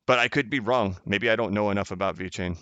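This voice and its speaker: A man's voice: lowish voice, fast, bright, forceful tone, no room sound, dull audio. A man hosting a crypto live stream, chatting casually as he reads viewer comments, rambling and correcting himself, often laughing.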